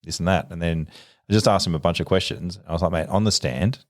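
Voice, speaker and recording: A man's voice: sits low, fast talker, no room sound, studio quality. An Australian man, a police officer, chatting casually on a podcast and telling stories with acted-out dialogue and frequent laughs. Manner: animated storyteller, acts out quoted dialogue, laughs often.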